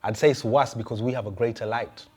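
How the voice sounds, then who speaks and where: A man preaching a sermon in a conversational way, firing rhetorical questions at his listeners. He often stumbles and restarts his words as he goes. His voice sits at an ordinary middle pitch. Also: steady tone, quick pace, darkish tone, breathy edge. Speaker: pastor.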